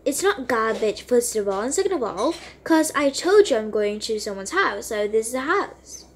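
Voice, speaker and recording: A woman's voice: a little high, very animated, moderate pace, slight background noise. A woman voicing an upset young girl in a toy role-play game, begging and whining to her mother. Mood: defensive.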